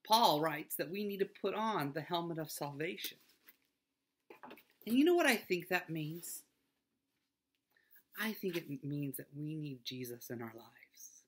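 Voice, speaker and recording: A middle-aged man, a school pastor, giving a children's devotional talk in a gentle, earnest way that often sinks to a soft near-whisper. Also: fairly high pitch, lively intonation, unhurried, pauses often.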